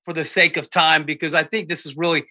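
A man's voice: fairly high pitch, little pitch movement, quick pace, sharp tone. A man hosting a podcast interview, chiming in with short replies and asking his guest questions. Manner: brief encouraging interjections, then asks questions. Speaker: podcast host. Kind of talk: casual interview.

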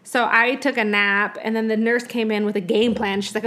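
A young woman casually telling a personal story in conversation, animated and laughing often. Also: medium pitch, brisk, hardly any pauses.

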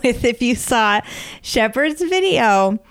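A young woman co-hosting a podcast in casual chat, chatty and animated, laughing often as she tells stories. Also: fairly high pitch, takes it slowly. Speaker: podcast co-host.

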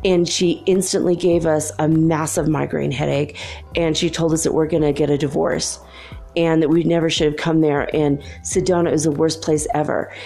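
Middle-aged woman, chatty anecdote teller, low gravelly voice with faint music underneath. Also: moderate pace. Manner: chatty, laughs often, animated retelling. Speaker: storyteller. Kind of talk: casual anecdote.

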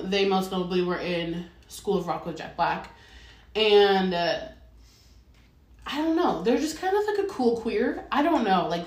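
A woman co-hosting a casual chat, animated and swearing often, with lots of "like" fillers. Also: mid-range voice. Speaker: podcast co-host. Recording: roomy echo, a bit far from the mic.

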